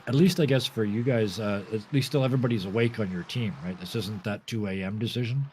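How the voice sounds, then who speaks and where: A man's voice: on the low side, fast talker, a little mellow, a little hiss or hum, low-quality recording. Chatty Canadian man commentating a race. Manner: chatty, laughs often. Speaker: sim racing commentator.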